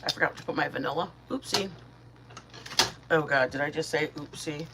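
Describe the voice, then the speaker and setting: A woman's voice: flat delivery, fast talker, vocal fry, heavy background noise. A middle-aged woman from Michigan hosting a casual live stream, chatting with viewers by name and talking sweetly to her dogs. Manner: chatty, warm toward viewers, greets chat by name, talks to her dogs in a high baby voice.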